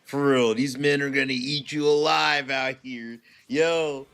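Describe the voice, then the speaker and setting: A man's voice: medium pitch, steady tone, measured pace, fairly bright tone, clear, resonant tone. A man in his thirties, a streamer commenting crudely over a video in a mocking, slangy, joking way.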